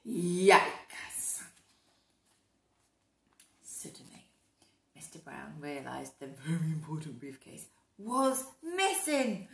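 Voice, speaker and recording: A woman reading a picture book aloud to children, animated, with hushed whispered asides to her young listeners. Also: low-pitched, slow pace, creaky, pauses often. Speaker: storyteller. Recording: echoey room.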